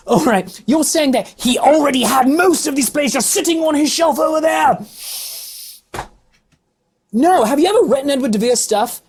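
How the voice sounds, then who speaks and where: Husky woman ranting with lively swings. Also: medium pitch. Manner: emphatic, theatrical ranting with sarcastic asides. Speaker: film review podcast co-host; actor. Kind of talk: casual film review discussion.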